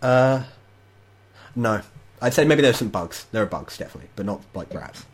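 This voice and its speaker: A man narrating as game master of a tabletop game over an online call, descriptive and halting. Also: lowish voice, lively intonation.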